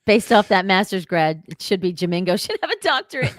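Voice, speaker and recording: A woman's voice: mid-range voice, big pitch swings, brisk, dry recording, clean studio sound. Laughing, teasing middle-aged woman co-host. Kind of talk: casual chat.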